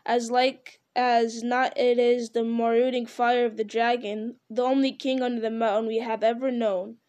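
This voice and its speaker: A woman reading aloud, voicing a grim, foreboding man who shouts warnings of danger. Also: on the high side, flat delivery, moderate pace, close to an everyday voice. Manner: stern warning, rising to shouted alarm. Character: grim-voiced man, archer, foreboding and urgent.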